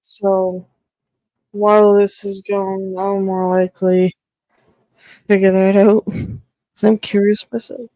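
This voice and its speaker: A woman's voice: medium pitch, flat delivery, slow, pauses often, warm tone, no echo, rough recording. A woman giving casual commentary on a podcast, thinking aloud and swearing freely. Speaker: podcast reviewer.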